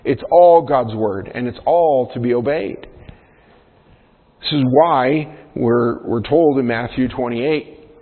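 Man preaching in an echoey hall. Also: medium pitch. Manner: emphatic, rising to stress key points. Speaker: pastor. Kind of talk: sermon. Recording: phone-like sound in a reverberant hall.

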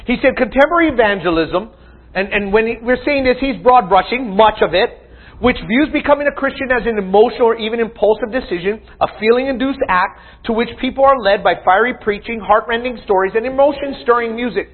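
A man's voice: very high voice, a little fast. A man preaching a sermon as pastor, teaching with emphatic questions to his congregation. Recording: tinny phone-like sound.

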